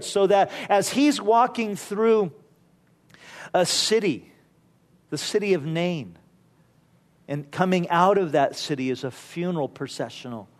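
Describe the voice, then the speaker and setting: A man with a notably high voice preaches a sermon. He tells stories in an easy, conversational way and often drops in casual asides to the listeners. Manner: conversational storytelling with frequent "you know" asides.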